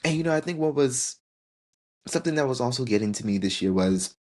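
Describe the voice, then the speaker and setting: A man's voice: mid-range voice, expressive, fast talker, a little mellow. A man in his twenties hosting a podcast, talking heartfelt and tearful about turning another year older. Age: 20s. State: tearing up. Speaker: podcast host. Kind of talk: emotional personal reflection.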